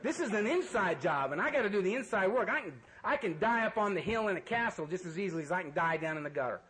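A man's voice: high voice, expressive, quick pace, a bit bright, rough recording. A man giving a blunt, joking and earnest personal testimony as the speaker at a recovery meeting, swearing casually. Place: meeting room full of people.

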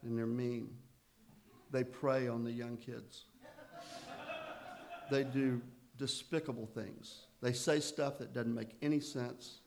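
A man of middle pitch speaks to a recovery meeting and tells his story in a loose, conversational way. He often turns to self-deprecating jokes. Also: fairly even intonation, slow, creaky, long pauses, darkish tone, slight background noise.

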